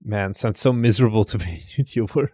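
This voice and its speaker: A man's voice: lowish voice, brisk, darkish tone, dry recording. Chatty man roasting setups, dry close sound. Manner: chatty, teasing, thinks aloud. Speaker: streamer host. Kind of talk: casual commentary reacting to videos.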